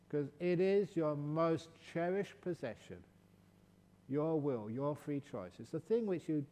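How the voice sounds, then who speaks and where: A man giving a calm, gentle meditation talk at a retreat, slipping in playful jokes. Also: mid-range voice, in a large hall. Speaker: meditation teacher.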